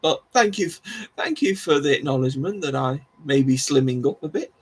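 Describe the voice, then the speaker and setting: A man hosts a home live stream, talking casually and rambling with plenty of restarts. His voice is husky and sits a little high for a man. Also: lively intonation, a little fast. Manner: rambling, self-deprecating, restarts and laughs often. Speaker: livestream host. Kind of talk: casual live chat with viewers.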